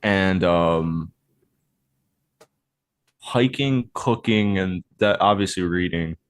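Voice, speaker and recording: Laid-back, low-voiced podcast man. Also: slow pace, dry recording. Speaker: podcast co-host. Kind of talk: casual chat.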